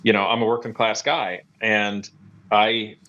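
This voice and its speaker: A man's voice: on the low side, level tone, unhurried, sharp tone. Male podcast guest from Ohio. Plainspoken, easygoing chat, somewhat muffled lo-fi audio. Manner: plainspoken, easygoing, stumbles over words. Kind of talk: casual banter interview.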